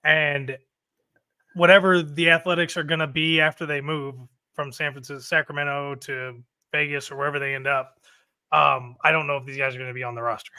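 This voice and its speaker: A man with a slightly high, bright voice co-hosts a casual baseball chat. He talks in a measured way and drops dry asides. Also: flat delivery, clean tone. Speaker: co-host.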